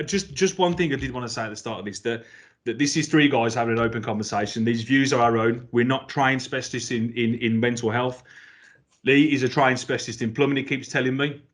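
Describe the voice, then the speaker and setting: A man's voice: mid-range voice, steady tone, moderate pace, fairly bright tone. Bloke hosting a podcast, chatty, teasing, keeps restarting his sentences. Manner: jokey, chatty, restarts phrases. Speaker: podcast host. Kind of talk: casual podcast chat.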